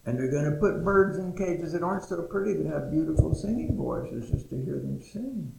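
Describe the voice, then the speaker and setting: A man voicing a kind, wise male Creator spirit who speaks gently and reassuringly, in an echoey room. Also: on the high side, expressive, moderate pace, creaky, pitched above the performer's own voice.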